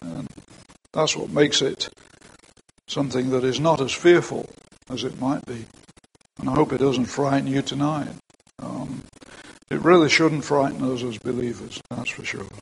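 A man's voice: mid-range voice, steady tone, unhurried, vocal fry, pauses often, a little hiss or hum, poor audio. An older man preaching a sermon in a church, talking plainly to the congregation with frequent asides.

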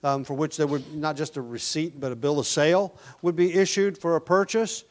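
A pastor with a fairly high voice preaches fairly quickly, his intonation mostly even, yet he repeatedly falls to a hushed tone before surging into loud, emphatic statements. Now and then he repeats or restarts words mid-explanation.

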